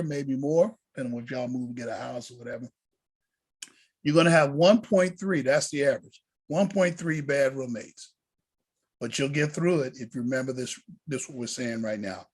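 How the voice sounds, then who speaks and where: A man who is a deacon, teaching a college prep lesson to students in an animated, preacher-like way over a video call. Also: medium pitch, slightly rough.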